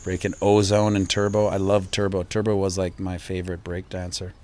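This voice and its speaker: Relaxed lower-voiced man chatting on a stream. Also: a little fast, a little hiss or hum. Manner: relaxed and rambling, with frequent fillers and restarts. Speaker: crypto channel host. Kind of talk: casual live-stream chat reading viewer comments.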